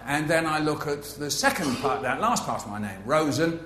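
A man's voice: a little high, lively intonation, moderate pace, fairly bright tone, echoey room, a little hiss or hum. A man giving a humorous author talk to a live audience, playful and facetious, full of asides. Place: festival venue with an audience.

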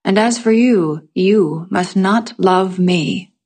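A woman's voice: takes it slowly, darkish tone. A woman reading the part of a grizzled old woman tanner who speaks in a stern, grunting way. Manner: low grunting speech.

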